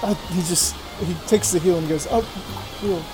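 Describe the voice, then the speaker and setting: Man, game master, tabletop narration, switches voices quickly, clear background music. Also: high-pitched, steady tone, low-quality recording. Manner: voices several characters in quick turns. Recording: music playing behind.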